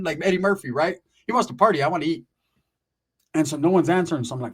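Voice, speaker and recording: A middle-aged man telling a profane comic story in a crude, animated way, dropping in bits of mock singing. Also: fairly high pitch, fast talker, breathy edge. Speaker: comedic storyteller.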